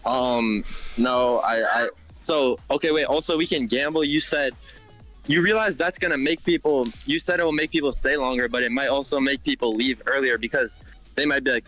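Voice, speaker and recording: A man with a bright, tense voice rambles through his questions, restarting often and swearing casually. Faint music plays behind him. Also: mid-range voice, fairly even intonation, moderate pace, poor audio. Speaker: stream contestant. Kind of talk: casual stream chat.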